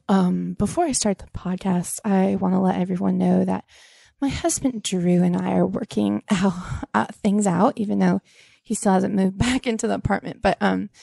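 A woman's voice: medium pitch, normal speed, gravelly, warm tone, no room sound, studio quality. A young woman hosting a comedy podcast, rambling earnestly and a little teary, with scattered, self-interrupting talk. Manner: scattered, earnest, breaks into off-key singing. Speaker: podcast host. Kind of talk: comedic improvised podcast bit.

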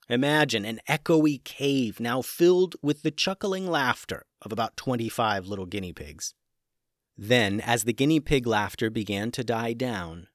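A man narrating a scripted children's adventure story in an animated, dramatic way. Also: on the low side, dry recording, clean studio sound.

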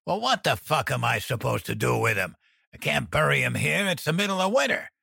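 A drunk, jittery male crook who whines and curses, his voice jumping high when he panics, as a male narrator puts him on. Dry, close sound with no room to it. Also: animated, moderate pace, gravelly, pushed and bright, slightly rough, no room sound, exaggerated voice. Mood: panicked. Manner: whining, panicky, swearing. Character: drunk anxious male drug dealer.

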